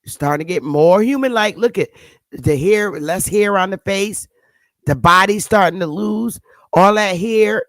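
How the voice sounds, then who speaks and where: A woman's voice: mid-range voice, unhurried, no room sound. A woman hosting her channel, giving blunt, sarcastic casual commentary on pictures and scolding her viewers. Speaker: channel host.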